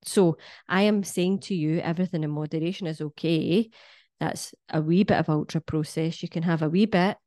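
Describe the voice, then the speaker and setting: A Scottish woman in middle age with a lowish, warm voice, talking straight at her viewers. She is blunt and cheeky, swears freely, and lectures in a close, dry sound. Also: normal speed, no room sound. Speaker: wellness vlogger. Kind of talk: casual monologue to camera.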